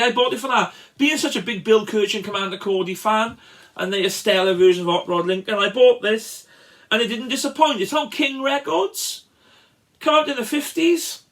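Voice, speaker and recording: A man casually showing records from his collection, chatty and enthusiastic, with frequent pauses and restarts. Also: very high-pitched, fairly bright tone. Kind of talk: casual record show-and-tell.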